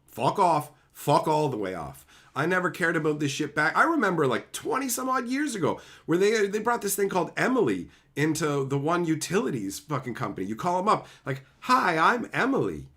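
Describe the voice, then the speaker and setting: A male streamer rants to his live chat, swearing constantly and mocking whatever he's talking about. His voice sits a little high and swings widely in pitch as he gets worked up. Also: sing-song, brisk, a bit bright. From Canada. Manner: angry, profane, sarcastic ranting.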